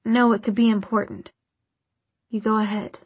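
A woman voicing a grieving eighteen-year-old man, quiet and halting in shock. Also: medium pitch, little pitch movement, slightly rough, no echo, lo-fi sound. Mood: gentle.

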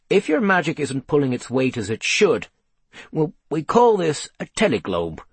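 A man's voice: mid-range voice, breathy edge, no echo. A man voicing a chatty, grumbling magical inspector who rambles in a wry, conspiratorial way. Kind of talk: audiobook character voice.

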